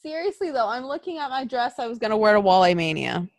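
A young woman co-hosting a podcast, venting and swearing in casual chat, lurching between mumbles and loud outbursts. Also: fairly high pitch, big pitch swings, quick pace, no room sound, studio quality. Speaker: podcast co-host.

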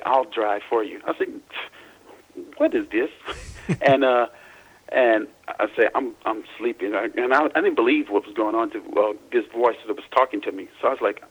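A man from Louisiana, an interview guest, recounting personal experiences in a halting way, often repeating and restarting words. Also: mid-range voice, husky, low-quality recording.

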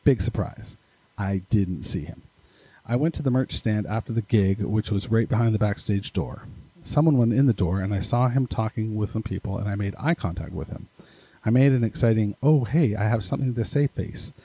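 A man's voice: fairly low pitch, moderate pace, warm tone, breathy edge, dry recording, low-quality recording. A man hosting a casual podcast, reading listener emails aloud with rambling, self-deprecating asides. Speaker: podcast host.

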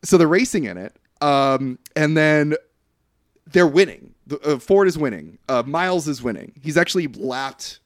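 This podcast co-host has a slightly high, lively voice at a normal pace, recorded clean in a studio with no echo. In a casual movie review chat he rants sarcastically and acts out scenes, doing the quoted lines in character voices.

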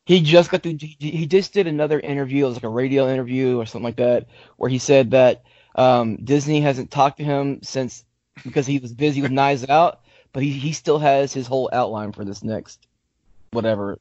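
A man's voice: medium pitch, steady tone, a little fast, a little mellow, dry recording. A man co-hosting a casual podcast chat, talking conversationally and prompting the others with questions. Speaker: podcast co-host. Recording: dull lo-fi dry recording.

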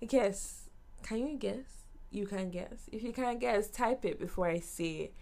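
Young woman, podcast host, lively story-time delivery. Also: medium pitch, moderate pace. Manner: bubbly, animated storytelling with laughs and acted-out quotes.

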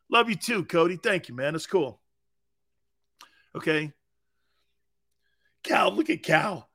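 A man hosting a sports talk show, chatting casually, joking and laughing as he answers viewers' comments. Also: mid-range voice. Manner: joking, laughing, wide swings in loudness. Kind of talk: casual chat, reading live chat.

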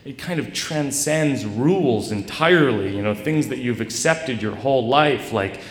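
A man telling a personal story to a live audience with a rambling, self-deprecating delivery full of halting restarts. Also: medium pitch, expressive. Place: stage in a large hall. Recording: echoey live hall recording.

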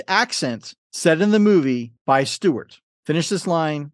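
A playful man runs a trivia game podcast, his voice a touch high and swinging widely in pitch. He reads questions and fun facts with jokey asides. The sound is dry and close. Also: expressive, unhurried, no echo. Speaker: podcast host and quizmaster.

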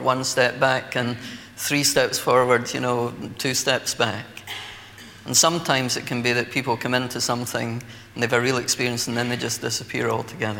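A man's voice: medium pitch, gravelly, sharp tone. A Scottish man preaching a sermon, telling stories in a conversational way with light laughter. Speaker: pastor. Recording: long hall reverb, faint ambience.

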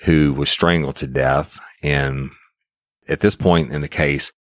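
A man's voice: rumbling low, steady tone, slow pace, no room sound, clean studio sound. A man hosting a podcast in a drawling, folksy way. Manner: drawling, folksy, uses y'all. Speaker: podcast host. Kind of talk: casual podcast talk.

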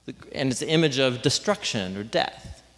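A man's voice: mid-range voice, animated, moderate pace, fairly bright tone. Man preaching in an echoing hall. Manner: conversational, questions the congregation. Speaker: pastor. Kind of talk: sermon. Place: church hall with congregation. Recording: long hall reverb.

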